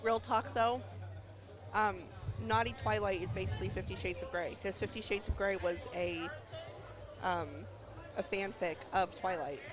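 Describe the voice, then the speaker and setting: A woman's voice: medium pitch, fairly even intonation, moderate pace. Chatty woman co-commentator. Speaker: darts tournament commentator. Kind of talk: playful live stream commentary.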